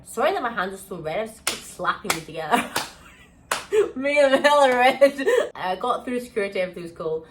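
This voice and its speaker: Animated young British woman vlogging. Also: a little high, fairly quick, a little hiss or hum, low-quality recording. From United Kingdom. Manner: animated, exclamatory storytelling with slang. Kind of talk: casual vlog chat. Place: holiday villa.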